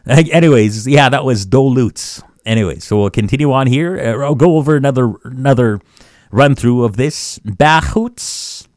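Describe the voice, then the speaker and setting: A man teaching phrases of a language on a radio show, repeating each word slowly and chuckling between examples. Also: medium pitch, darkish tone, dry recording, clean studio sound. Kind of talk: casual language lesson.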